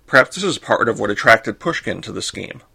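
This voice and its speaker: A man hosting a podcast, reading a scripted explanation in a clear, measured way. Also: lowish voice, expressive, sharp tone. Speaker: podcast host. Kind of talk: scripted narration.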